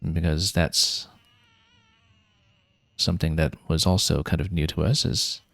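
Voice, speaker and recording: Low gravelly guy chatting over his game, plans stuff out loud, lots of uh's. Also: fairly even intonation, a little slow, dry recording. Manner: thinking aloud, planning out loud with fillers. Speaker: streamer. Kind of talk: casual gameplay commentary.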